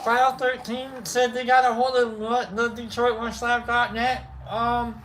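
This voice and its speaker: A woman's voice: a little high, flat delivery, measured pace, noisy background. A woman hosting a casual livestream, rambling, swearing and joking as she greets chat members by name. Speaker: livestream host.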